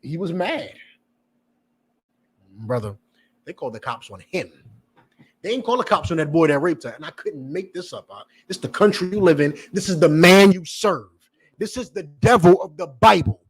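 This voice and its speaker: Slightly high and animated, with a breathy edge, this man speaks at a normal speed. He's a preacher and teacher giving a fiery lecture laced with profanity, hammering the same points again and again and questioning the audience directly.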